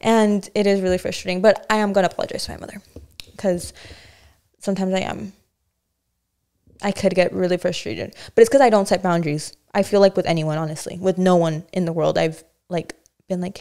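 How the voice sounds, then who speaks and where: A woman's voice: lowish voice, fairly even intonation, brisk, gravelly, a little mellow. A young woman co-hosting a casual podcast chat, talking in a candid, rambling, self-reflective way with many restarts. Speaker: podcast co-host.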